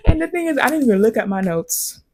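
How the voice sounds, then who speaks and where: Woman vlogger, husky voice, passionate and emphatic, dips into near whispers. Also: sits high. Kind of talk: casual commentary to camera.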